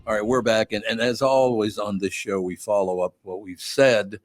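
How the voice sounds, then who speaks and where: A man's voice: on the low side, fairly even intonation, normal speed, no echo, clean studio sound. An older man hosting a radio talk show, chatting casually and candidly, often correcting himself. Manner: rambling, candid, self-correcting.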